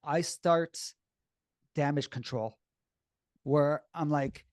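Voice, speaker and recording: A man telling a personal story in a blunt, animated, casual way, swearing freely and sounding shaky and upset as he recalls it. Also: a little high, slow pace, long pauses, no room sound, studio quality.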